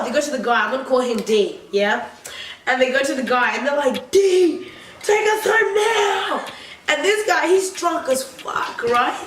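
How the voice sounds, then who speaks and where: Young woman vlogger, high voice, rambling and profane, recorded far off in a reverberant room. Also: fairly bright tone. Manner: rambling, profane, filler-heavy. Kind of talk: casual storytime. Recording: echoey room, far from mic, faint noise.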